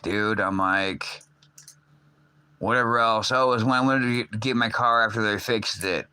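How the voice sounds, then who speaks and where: A man's voice: lowish voice, bright, forceful tone, clear, resonant tone, no echo. A man rambling casually on his livestream, swearing often and filling gaps with "uh" and "like". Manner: rambling, loose, swears often, many fillers. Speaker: livestream host.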